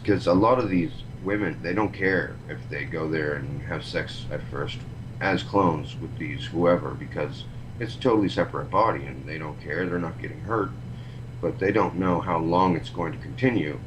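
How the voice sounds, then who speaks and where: A man's voice: deep voice, moderate pace. A man explaining at length in a casual interview, earnest and rambling. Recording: noisy recording with ambience.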